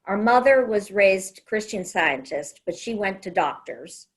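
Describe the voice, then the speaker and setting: A woman in her seventies from the United States, a judge telling family stories in an oral history interview with lively, good-humored storytelling. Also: mid-range voice. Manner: lively storytelling, quick to laugh.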